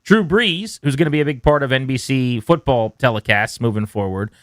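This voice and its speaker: A man's voice: mid-range voice, a little fast, a bit bright, no echo, clean studio sound. A man co-hosting a sports radio show, talking through football analysis in a conversational, probing way. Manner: conversational, analytical, drills into points. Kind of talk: casual sports talk.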